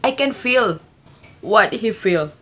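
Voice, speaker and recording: An Indonesian woman whose first language is Indonesian, hosting a reaction video in halting English and talking earnestly and emotionally. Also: medium pitch, expressive, sharp tone, dull audio. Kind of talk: casual reaction commentary.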